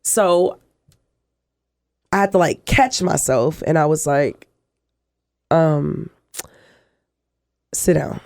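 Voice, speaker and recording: A middle-aged woman, a guest telling her life story in an interview, animated and acting out the voices in her quotes. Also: sits low, takes it slowly, long pauses, no room sound, clean studio sound.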